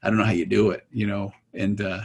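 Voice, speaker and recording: A husky, fairly low-voiced middle-aged man talks casually as a therapist. He tells stories from his work and slips into his clients' voices as he goes. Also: flat delivery, fast. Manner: storytelling, acting out clients' voices. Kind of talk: casual podcast conversation.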